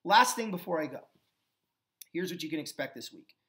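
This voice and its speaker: A man's voice: on the high side, normal speed. A man hosting his own football talk show, giving opinionated commentary with emphatic rhetorical questions. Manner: calmer and earnest when thanking fans. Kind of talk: opinionated sports commentary monologue.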